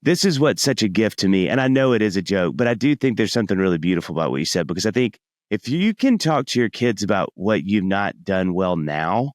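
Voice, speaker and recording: A middle-aged man in casual podcast chat, telling stories with a lively, swooping pitch. He slips into little acted voices as he goes. The sound is dry and close. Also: a little fast, hardly any pauses, no room sound. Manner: animated storyteller, acts out voices in anecdotes. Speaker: podcast guest, musician.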